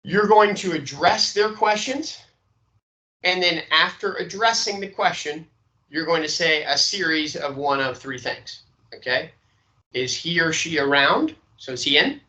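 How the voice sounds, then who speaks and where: A man's voice: on the high side, measured pace, sharp tone, poor audio. A man teaching a sales training lecture, checking in often with "okay?" and demonstrating inflections.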